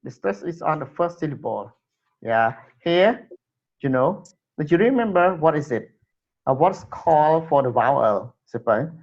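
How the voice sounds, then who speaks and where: Guy teaching english, slow and halting, keeps repeating words, muffled lo-fi audio. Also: on the high side, animated. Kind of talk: classroom English lesson. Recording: dull lo-fi recording.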